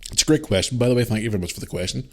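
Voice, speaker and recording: This is a man with a low, deep voice talking through a solo podcast episode. He rambles casually as he answers listener emails, repeating himself, restarting sentences and swearing bluntly. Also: lively intonation, racing. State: parent, a single dad. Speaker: podcast host.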